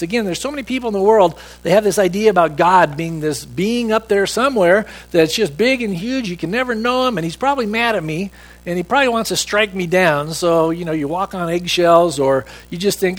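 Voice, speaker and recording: High-voiced man preaching a sermon. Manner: emphatic preaching, quotes scripture in a slower voice. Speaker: pastor.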